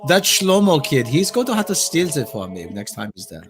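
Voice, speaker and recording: Man putting on a pompous rich mogul, fake German accent, slightly high voice, smug and chuckling. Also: wildly swooping pitch, fairly bright tone, soft background music, heavily acted. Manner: smug, chuckling, drawn-out delivery. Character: pompous scheming rich male media mogul. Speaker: co-host.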